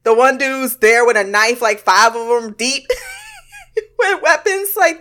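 A woman's voice: on the high side, slow pace, sharp tone. Woman casually laughing through film commentary. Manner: swears freely, laughs often. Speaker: reaction commentator.

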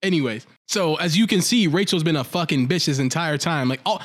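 A man's voice: a little high, fairly quick. A man co-hosting a casual, profane anime podcast, recapping the story and acting out the characters' lines. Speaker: podcast co-host.

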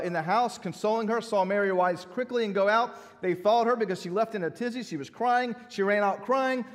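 A middle-aged man, a pastor preaching a sermon in an animated, conversational way with asides. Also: sits high, in a large hall.

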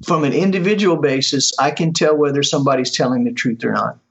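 A man who works as a medium, answering interview questions in an earnest, halting way with many restarts. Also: medium pitch, gravelly. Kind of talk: casual conversational interview. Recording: dull lo-fi audio.

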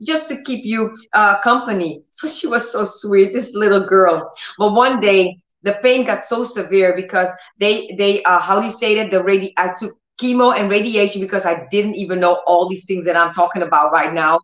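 A woman's voice: medium pitch, moderate pace, hardly any pauses. A middle-aged woman preaching and telling a personal testimony in an earnest, storytelling way, with restarts and laughter. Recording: roomy, slightly dull recording.

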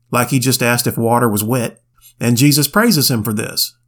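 A man's voice: medium pitch, lively intonation, measured pace, a bit bright. A man co-hosting a Bible podcast, giving casual commentary with wry, plainspoken asides. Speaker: podcast co-host.

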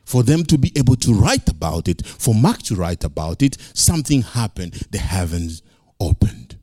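A man's voice: mid-range voice, sing-song, moderate pace, dark tone, dry recording, studio quality. A male pastor preaching a sermon, emphatic and repeating key phrases.

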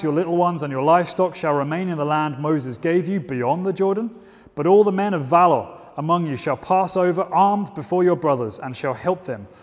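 Guy preaching a sermon, kinda higher voice, casual and self-mocking, lots of reverb from the church. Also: a little mellow. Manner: informal, self-deprecating, with restarts and asides. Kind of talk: sermon with scripture reading. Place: church service. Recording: long reverb of a church hall.

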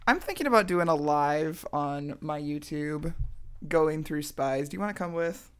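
A young woman chatting casually, telling an animated story and acting out the lines she quotes. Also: low voice, a little slow, clean tone. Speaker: co-host. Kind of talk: casual chat.

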